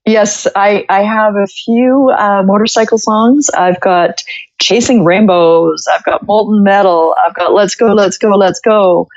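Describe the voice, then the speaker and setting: A woman's voice: medium pitch, steady tone, measured pace, darkish tone, dull audio. A woman from Canada, chatting as a podcast guest, telling jokey stories and laughing often. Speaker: podcast guest, musician and gardener. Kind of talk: casual interview chat.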